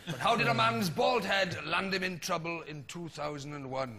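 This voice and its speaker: A man's voice: high voice, moderate pace, pushed and bright, a little hiss or hum. A man with a Welsh accent hosting a comedy quiz show, teasing the guests with mocking introductions. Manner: mock-insulting, teasing introductions. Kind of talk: scripted comic host patter. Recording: studio audience laughter and music behind.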